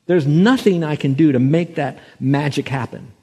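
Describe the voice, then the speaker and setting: Man, pastor, sermon, mellow tone, breathy edge, storytelling delivery. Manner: storytelling, slows and rises in pitch and loudness for scripture.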